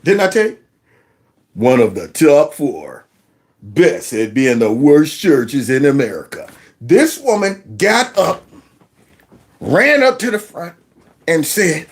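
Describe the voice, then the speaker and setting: Animated, sarcastic male commentator. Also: a little high, slow, long pauses. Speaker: commentary host. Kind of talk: reaction commentary.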